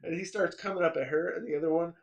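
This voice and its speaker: A young man co-hosts a loose, casual podcast chat. He tells stories with animated energy, laughs often and swears freely. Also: on the high side, rapid-fire, muffled recording. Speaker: podcast co-host.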